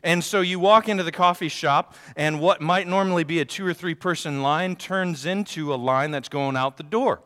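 A middle-aged man delivers a sermon from a church stage, his slightly raised voice swelling loud and dropping to near hush as he tells a story. The sound carries the long reverb of a big hall. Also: on the high side, moderate pace, hardly any pauses, clean tone. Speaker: pastor. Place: church sanctuary.

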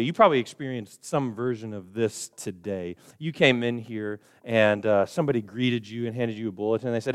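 A man with a low, smooth, resonant voice preaches a sermon in church. He drops to hushed, slow lines, then climbs loud and high for emphasis. He acts out what people in the pews would say. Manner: acts out quoted voices of the congregation. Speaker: pastor.

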